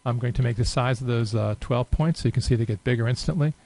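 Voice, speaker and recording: A man giving a relaxed, unscripted screen-recorded software tutorial, thinking aloud with many fillers. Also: mid-range voice, fast, poor audio. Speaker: software demonstrator.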